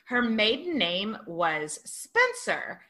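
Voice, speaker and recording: A woman's voice: medium pitch, very animated, slow pace, pushed and bright. A woman co-hosting a podcast, chatting casually and laughing often. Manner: chatty and giggly. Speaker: podcast co-host. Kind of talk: casual chat.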